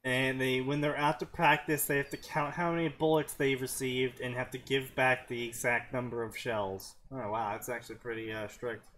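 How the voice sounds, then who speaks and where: A man's voice: mid-range voice, fairly even intonation, moderate pace, few pauses, fairly bright tone. A man co-hosting a casual comedy show, reading fanfiction aloud and making dry, sarcastic remarks. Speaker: co-host.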